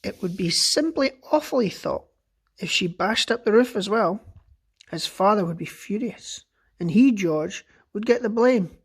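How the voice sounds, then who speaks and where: Expressive man reading a children's story. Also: high voice, unhurried, breathy edge. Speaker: teacher. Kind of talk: reading a children's book aloud.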